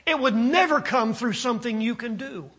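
A man preaching a sermon, slow and deliberate, building emphasis and then dropping low, with halting restarts. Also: fairly bright tone, breathy edge. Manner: halting restarts with frequent uh's.

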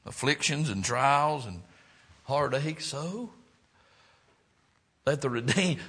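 A man preaching a sermon, swinging between loud, fervent exclaiming and quiet, low reflection. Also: expressive, slow, long pauses, slightly rough.

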